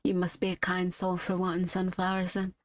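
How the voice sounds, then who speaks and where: A woman's voice: lowish voice, completely flat delivery, a little fast, no room sound, clean studio sound, close to an everyday voice. A woman voicing a flirty hooved female flower shopkeeper with a slight put-on Southern twang who calls customers darling. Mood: flirtatious. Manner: sweet-talking, calls people darling.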